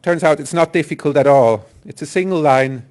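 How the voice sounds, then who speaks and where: A man's voice: a little high, normal speed, a little mellow. A man giving a technical conference talk, explaining step by step with some fillers and restarts. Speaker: software engineer presenter.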